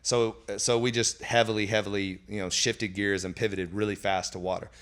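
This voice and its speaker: A man's voice: lowish voice, flat delivery, fairly quick, fairly bright tone. A man, a company founder, telling his story casually in an interview, rambling with lots of fillers. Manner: rambling, full of "like" and "you know" fillers.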